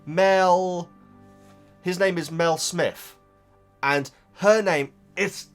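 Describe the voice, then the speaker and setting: A man chatting casually as a YouTube reactor, reading out viewer comments and rambling, often stumbling over repeated words. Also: a little high. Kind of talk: casual chat.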